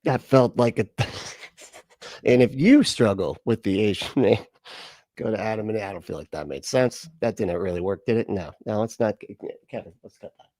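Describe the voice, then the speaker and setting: A man's voice: fairly low pitch, moderate pace, darkish tone, no echo, studio quality. A man hosting a livestream reaction, mocking the clip in a casual, sarcastic way and laughing often. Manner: sarcastic, laughs often, puts on silly voices.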